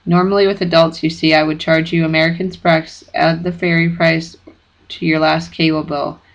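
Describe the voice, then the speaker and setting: Brief: reader doing a smooth, slow, mocking ferryman of the dead with an odd British-tinged accent, gravelly and lo-fi in an audiobook. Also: medium pitch, little pitch movement, lightly acted. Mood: cold greedy. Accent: odd British-tinged foreign accent. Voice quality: smooth, sweet and cold. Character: cold greedy ferryman of the dead, adult man.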